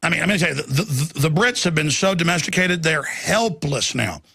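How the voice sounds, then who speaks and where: A man's voice: on the high side, animated, brisk, vocal fry, bright, forceful tone, slightly rough, no echo. A man hosting a nightly news show, delivering indignant, digressive commentary as he rants.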